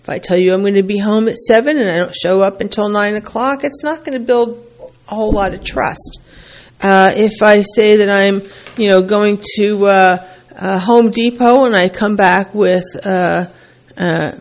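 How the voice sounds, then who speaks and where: A woman's voice: medium pitch, fairly even intonation, normal speed. A woman working as a couples therapist, giving relationship advice in a plainspoken, conversational way and repeating key points for emphasis.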